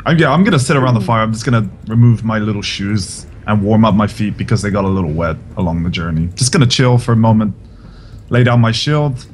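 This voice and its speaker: A man playing a tabletop game, describing his character's actions in a relaxed, casual way. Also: fairly low pitch, fast talker, slight background noise. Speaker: player.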